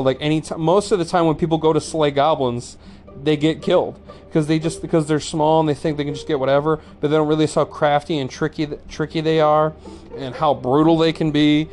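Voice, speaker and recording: A man's voice: medium pitch, a little mellow. Casual swearing man reviewing anime. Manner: rambling, swears freely, many "like" fillers and restarts. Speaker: anime reviewer, channel host.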